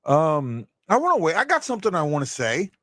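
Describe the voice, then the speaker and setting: Rambling, blunt man with a lively voice. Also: a little high, no room sound. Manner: rambling, halting, with many restarts and swearing; blunt and opinionated. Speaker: live stream host. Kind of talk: casual live-stream chat.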